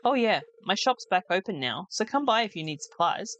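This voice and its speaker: A woman's voice: mid-range voice, big pitch swings, brisk, a bit bright, no echo. A woman voicing a friendly, folksy old male fisherman from a farming video game, reading his lines in her own voice. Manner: easygoing, homespun sayings.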